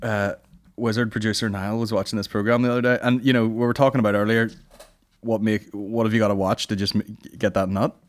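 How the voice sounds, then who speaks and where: A man's voice: lowish voice, level tone, quick pace. A young Northern Irish man hosting a podcast, telling crude jokes in a sweary, giggly, storytelling way. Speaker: podcast host. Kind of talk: crude comedic banter.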